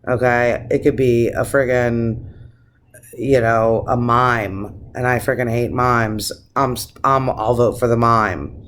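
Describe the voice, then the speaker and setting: A man's voice: medium pitch, steady tone, slow pace, a bit bright. Impassioned, swearing male vlogger. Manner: profane, impassioned, rambling with restarts. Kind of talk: casual vlog rant.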